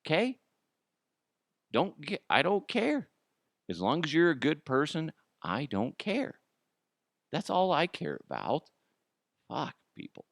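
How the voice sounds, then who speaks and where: Animated, profane man ranting on his podcast. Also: a little high, creaky, no echo, studio quality. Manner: profane, laughs at own jokes, animated. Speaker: podcast host. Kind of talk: solo comedic podcast rant.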